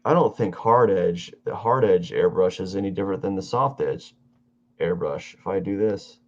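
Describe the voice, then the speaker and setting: A tired, yawning man chatting casually while he draws on a live stream, rambling and halting with many fillers. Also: low voice, a little mellow, muffled recording. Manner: meandering, halting, self-talk with fillers. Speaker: artist streaming his drawing.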